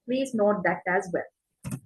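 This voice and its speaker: A woman's voice: medium pitch, slow pace, poor audio. A woman teacher giving an exam-prep lesson, explaining step by step, asking and answering her own questions and checking in with "right?" between points. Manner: frequent fillers and checks like "right?". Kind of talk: online class lecture.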